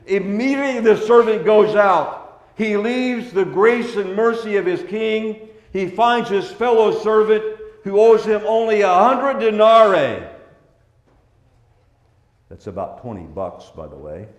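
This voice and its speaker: A man preaching a sermon as a pastor, swinging between hushed, tender passages and loud, forceful ones. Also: high-pitched, expressive, a little slow, echoey room, highs cut off.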